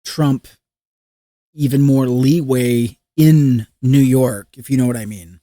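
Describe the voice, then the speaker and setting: A podcast co-host in casual political chat, exasperated and animated, swearing freely. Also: mid-range voice, slow, dry recording, clean studio sound.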